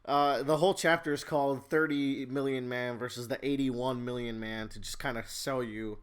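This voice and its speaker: A man's voice: medium pitch, steady tone, moderate pace, smooth. A man co-hosting a podcast, explaining story details and adding dry quips in casual chat. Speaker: podcast co-host. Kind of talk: casual chat commenting on a manga.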